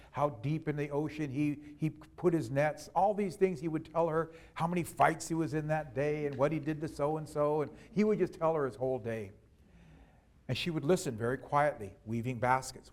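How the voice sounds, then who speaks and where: A man telling a traditional story aloud to an audience, unhurried and repeating words for emphasis. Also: a little high. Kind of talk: oral storytelling to a live audience.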